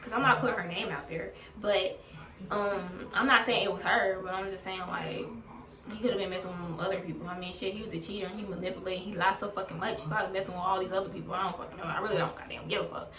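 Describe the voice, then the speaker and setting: A woman's voice: medium pitch, fairly even intonation, quick pace, a crowd in the background. A woman telling a storytime on her vlog in a blunt, heavily profane, venting way. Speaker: vlogger. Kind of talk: casual storytime rant. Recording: roomy, distant from mic.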